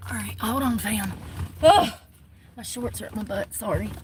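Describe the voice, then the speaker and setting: A woman's voice: mid-range voice, moderate pace. Young woman, casual vlog chatter, phone mic, noisy outdoor background. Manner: chatty, self-deprecating, swears casually. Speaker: vlogger.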